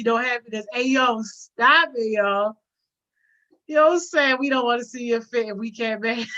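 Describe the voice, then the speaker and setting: A woman's voice: on the high side, sharp tone. A woman hosting a casual livestream, reading viewer comments aloud, using lots of slang and often laughing. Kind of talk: casual live chat. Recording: dull lo-fi audio.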